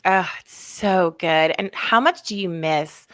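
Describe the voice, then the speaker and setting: A woman's voice: fairly low pitch, slow, a bit bright, dry recording, clean studio sound. A woman hosting an interview, responding energetically with laughter and reflecting on the guest's story for listeners. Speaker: host. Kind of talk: conversational interview commentary.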